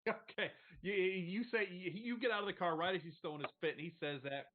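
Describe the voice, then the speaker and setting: A man's voice: sits high, a little fast, narrow, tinny audio, a little hiss or hum. A man running a tabletop game as game master, narrating casually, rambling and swearing freely.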